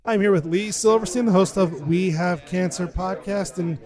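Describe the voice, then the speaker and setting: A man with a somewhat high voice hosts a podcast from a convention floor. He moves through introductions and plugs briskly and upbeat, like an announcer. The delivery is quick and polished. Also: a little mellow. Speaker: podcast host. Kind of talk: podcast interview hosting at a convention.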